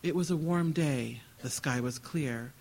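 A man reading literary fiction aloud at a live event. His voice sits somewhat high for a man. He tells the story in a dry, wry way. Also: unhurried, darkish tone, rough recording. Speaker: author reading.

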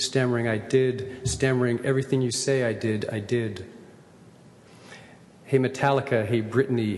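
A man giving a measured, incantatory poetry reading. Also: mid-range voice. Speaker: poet reading his work. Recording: echoey hall.

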